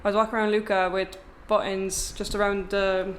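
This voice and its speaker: A woman's voice: medium pitch, level tone, brisk, slight background noise. A young woman, a travel vlogger chatting casually to camera in a rented apartment, rambling and wry.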